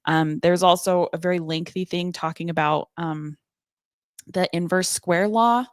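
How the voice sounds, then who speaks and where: A woman with a fairly low voice reads through her research notes, stopping for ums and small restarts. She is a podcast co-host talking casually with friends. The sound is dry and close. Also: fairly even intonation, measured pace, dry recording. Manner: reads out research with fillers and hesitations. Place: home studio.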